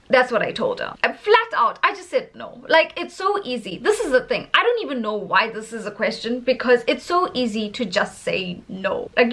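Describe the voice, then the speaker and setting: A South African woman in her thirties with a South African accent, an English teacher giving her views in a casual, emphatic vlog. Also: high-pitched. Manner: animated, emphatic, laughs often.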